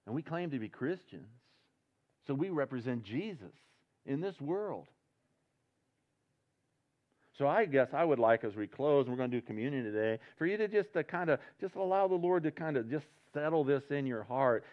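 Medium in pitch, animated, and a little fast, this male pastor preaches at a church service on a dull lo-fi recording. His earnest, conversational talk builds into loud, passionate emphasis.

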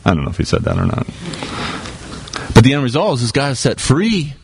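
A man's voice: medium pitch, wildly swooping pitch, brisk, slight background noise. A male pastor delivering a sermon from the pulpit. He speaks conversationally and emphatically, with a mid-range voice and plain, everyday delivery, breaking into casual asides. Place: church.

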